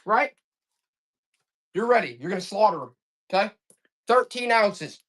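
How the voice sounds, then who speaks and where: A woman selling items on a live stream auction in fast, joking, hyped-up sales patter, coughing now and then. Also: medium pitch, animated, fairly bright tone. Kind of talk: casual live selling banter.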